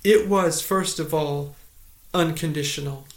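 A pastor giving a morning sermon, earnest and measured, asking rhetorical questions and repeating key points. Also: male voice, fairly high pitch, roomy sound.

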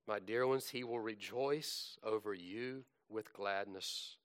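A man preaching a sermon, reciting scripture in a slow, dramatic delivery that swells and drops. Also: lowish voice, no room sound, studio quality.

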